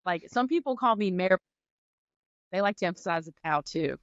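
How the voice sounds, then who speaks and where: A relaxed woman from Virginia chats as a podcast guest, in an easygoing manner. Her audio is dry and a little muffled, like a remote call. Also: fairly low pitch, normal speed, no room sound. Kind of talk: casual interview chat.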